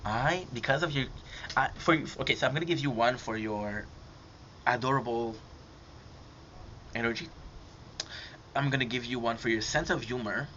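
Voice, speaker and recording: A French-accented man, a live streamer, jokes around with a stranger, teasing and swearing without restraint. He talks at normal speed in a mid-range voice with a sharp tone, leaving long pauses. The sound is dull and lo-fi, with faint noise behind it.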